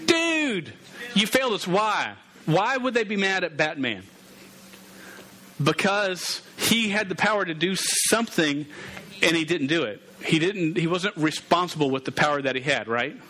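A man's voice: on the high side, lively intonation, normal speed, bright, forceful tone. A man giving a casual, playful sermon as a youth pastor, calling out to his group. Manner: playful, interactive, calls out to the group.

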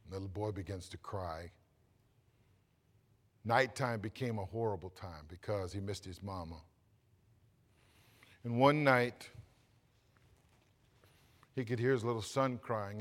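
A male pastor preaching a sermon, swinging from loud calls to hushed storytelling. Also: on the low side, unhurried, long pauses. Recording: long hall reverb.

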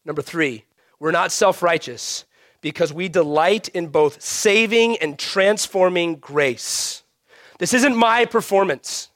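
A man preaching a sermon with a somewhat high voice, recorded close and dry with little room sound. He drives his points with raised emphasis, then drops to a hush, almost a whisper. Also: slow pace, dry recording. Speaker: pastor.

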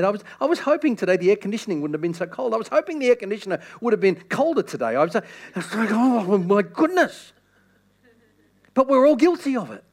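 A male pastor preaching a sermon, emphatic, repeating phrases and restarting lines. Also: sits high.

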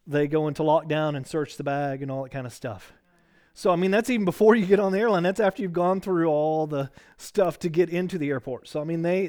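A man's voice: fairly high pitch, clean tone. A middle-aged man teaching a casual weeknight Bible study, chatty and rambling, joking with the group and full of fillers and restarts. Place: church classroom.

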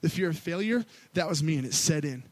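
A man's voice: lively intonation, quick pace, no room sound. Candid storytelling man preaching. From Missouri. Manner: candid storytelling, rising to loud pleading then dropping low. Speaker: worship pastor. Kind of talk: sermon.

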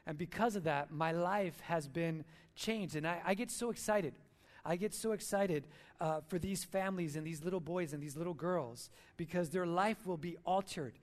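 A man's voice: fairly high pitch, normal speed. A man giving a sermon at church, telling stories in an earnest, heartfelt way. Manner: earnest, storytelling. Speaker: church speaker.

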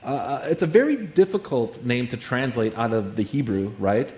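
A man's voice: mid-range voice, animated, moderate pace, darkish tone, echoey room. A man preaching a sermon in a conversational way, with many asides and fillers. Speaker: pastor.

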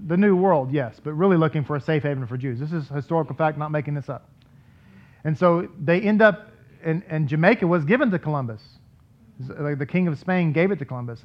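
High-voiced man teaching Torah casually. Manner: conversational, digressive, acts out quoted people. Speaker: rabbi teaching a congregation. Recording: dull lo-fi recording.

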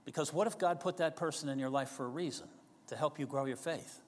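A man's voice: fairly high pitch, fast talker. Conversational male pastor in reverberant hall. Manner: conversational, asks the congregation questions. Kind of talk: sermon.

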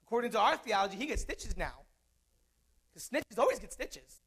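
A man's voice: high-pitched, very animated, normal speed, a bit bright, breathy edge. A man preaching a sermon in a conversational way, mixing scripture with jokes and asides.

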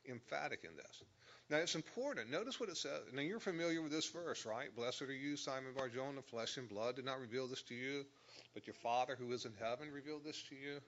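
A man's voice: mid-range voice, brisk, a bit bright, dull audio. A man teaching a Bible lesson, explaining verse by verse and stressing key words. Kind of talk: sermon.

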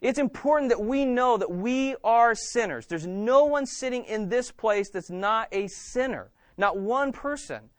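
A pastor preaching to his church in a high-pitched male voice. He presses his points hard, repeating and restarting phrases. The sound is dry and close, with no room echo. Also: animated, a little slow, hardly any pauses. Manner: emphatic, repeating words with frequent restarts. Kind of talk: sermon.

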